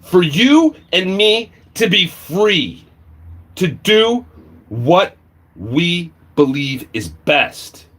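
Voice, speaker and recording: Man, livestream rant, heavy swearing, shouts and mutters, fairly high pitch. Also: very animated, extremely slow. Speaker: livestream vlogger. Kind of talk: angry profane rant.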